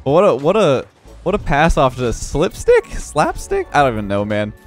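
A young man giving live commentary over his own gameplay, excitable and quick to laugh, with frequent exclamations. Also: mid-range voice, faint music behind. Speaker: gaming YouTuber.

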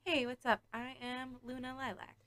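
A sleepy woman co-hosting a casual podcast, relaxed and drowsy, with lots of filler words. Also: high voice, normal speed, no room sound. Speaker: co-host.

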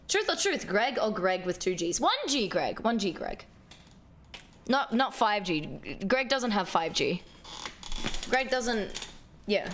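A woman livestreaming a game, chatting casually with her viewers, excitable and swearing freely. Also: mid-range voice, unhurried. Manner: excitable, swears a lot, talks to chat. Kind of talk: casual gameplay livestream chat.

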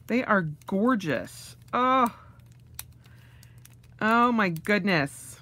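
A woman's voice: on the high side, very animated, unhurried, long pauses, pushed and bright. A woman vlogger unboxing things, gushing with gasps and delighted exclamations. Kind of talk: casual unboxing vlog.

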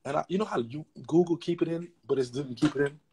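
A man hosting a casual gossip livestream, talking in a sassy, chatty, profane way with a raspy voice. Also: on the high side, fast, mellow, slight background noise. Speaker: livestream host.

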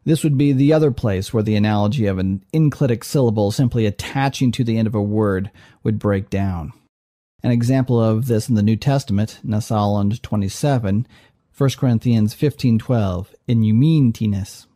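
A man's voice: on the low side, normal speed, dark tone, dry recording, studio quality. A man teaching Greek in a recorded lecture, explaining step by step and pronouncing terms carefully. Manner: methodical, clearly enunciated explanation. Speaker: Greek professor.

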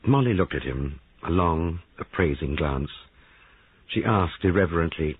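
A man narrating an audiobook in a measured, expressive way. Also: sits low, slightly rough, no room sound. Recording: dry, tinny phone-like sound.

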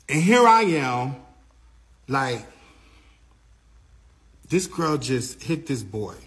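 A man working as a tour manager, retelling events in a casual, animated way and quoting the people involved. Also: medium pitch. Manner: animated storytelling, quoting others.

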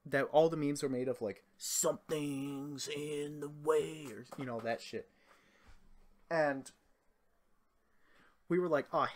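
A young man with a slightly higher-pitched voice spins a rambling, profanity-laced story in a loose, casual monologue. He keeps stopping to act out what people said, then carries on. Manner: rambling, profane, animated retelling with quoted voices. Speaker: storyteller vlogger.

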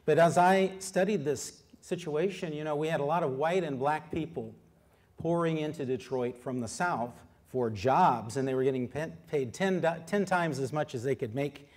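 This middle-aged author delivers a public history talk in a medium-pitched voice. His style is lively and conversational, pulling listeners in with questions, and he pauses frequently with filler words.

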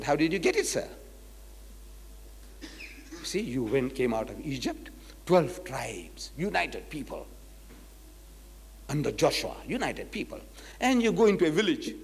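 A man from South Africa giving a public lecture as a Muslim preacher, telling stories with acted-out dialogue and slowing down to quote scripture. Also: sits high, in a large hall. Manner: animated storytelling, acts out dialogues, slows to quote scripture.

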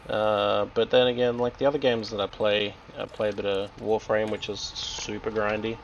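Casting: Australian male streamer, gravelly and chatty, loud gunfire underneath. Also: lowish voice, flat delivery, moderate pace, muffled recording, slight background noise. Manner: chatty, joking, reacting aloud to the game. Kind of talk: casual gameplay commentary. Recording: game gunfire and explosions loud behind voice.

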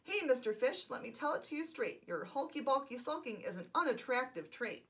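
A woman's voice: sits high, very animated, a little fast, fairly bright tone. A woman voicing a blunt, straight-talking male octopus in a children's storybook.

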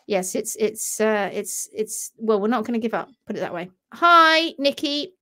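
A woman's voice: a little high, animated, normal speed, pushed and bright. An English woman hosting a live stream, talking in a passionate, emphatic way. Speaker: host.

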